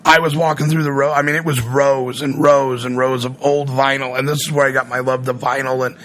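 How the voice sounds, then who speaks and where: A man's voice: medium pitch, flat delivery, a little fast, a bit bright, slight background noise. A man, a radio personality, telling a long story in casual chat, rambling and acting out what others said. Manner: rambling, acts out quoted voices.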